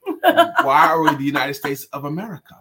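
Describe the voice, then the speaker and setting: A man's voice: on the high side, wildly swooping pitch, moderate pace, creaky, bright, forceful tone, breathy edge. A man co-hosting a casual morning talk show, chatty and playful, with a lot of fillers. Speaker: co-host.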